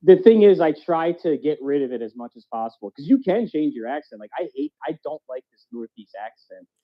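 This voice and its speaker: A man's voice: fairly high pitch, sing-song, a little fast. A man with a faint Philadelphia accent, rambling bluntly in casual chat as a podcast co-host. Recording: dull lo-fi sound.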